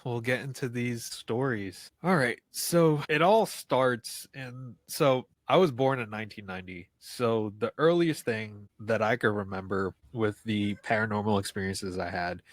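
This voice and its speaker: A man in his thirties from New York City tells a personal ghost story as a podcast guest, keeping it loose and casual with many "like" fillers and restarts. His voice is on the low side and unhurried with few pauses, on a dry recording.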